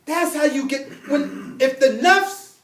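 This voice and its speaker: A man teaching an Arabic religious text in class, emphatic and animated, repeating key points and reading Arabic quickly. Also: very high-pitched, roomy sound, far from the mic, slight background noise. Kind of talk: classroom lesson.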